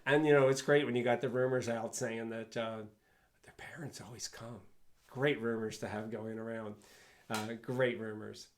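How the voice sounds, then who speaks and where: A man's voice: mid-range voice, little pitch movement, normal speed. An older man, a guest speaker, telling fond, rambling anecdotes and chuckling along the way. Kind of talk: anecdotal storytelling.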